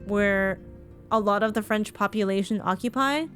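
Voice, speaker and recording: Streaming a game, a Canadian woman from Ontario gives frank, casual chat to her viewers and sometimes swears. Her medium-pitched voice is a bit bright and moves at normal speed, with faint music in the background.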